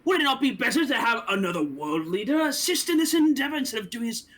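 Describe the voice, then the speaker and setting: A man's voice: very high voice, sing-song, fast talker, fairly bright tone. A man playing a tabletop game who rambles and corrects himself. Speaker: player.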